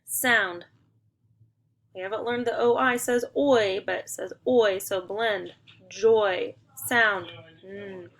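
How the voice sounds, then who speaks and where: Slow, gravelly-voiced woman teacher. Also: mid-range voice, steady tone, fairly bright tone. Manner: slow, encouraging, sounding out words. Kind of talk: phonics lesson to young students.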